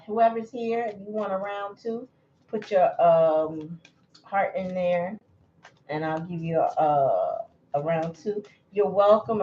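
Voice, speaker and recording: A woman's voice: lowish voice, darkish tone, muffled recording, slight background noise. A woman giving a casual livestream tarot reading, chatty and blunt in a straight-to-the-point way. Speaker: tarot reader.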